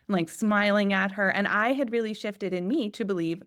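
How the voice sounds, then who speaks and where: A mother in her forties, a podcast guest, telling a story with lively acted-out quotes. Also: medium pitch, moderate pace, hardly any pauses, dry recording, clean studio sound. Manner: animated, acts out quotes. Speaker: guest, parent. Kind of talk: casual storytelling.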